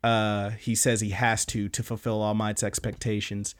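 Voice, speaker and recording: Animated, swearing young man recapping anime. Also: lowish voice, normal speed, clean tone. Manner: animated, swears often, acts out lines. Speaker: podcast host. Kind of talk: casual recap chat.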